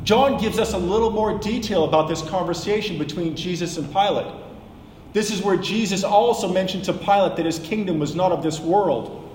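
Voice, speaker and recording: A man teaching a sermon, measured and explanatory, slowing down for emphasis. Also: high voice, a little mellow, roomy sound, big-room sound, a little hiss or hum, rough recording. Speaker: preacher.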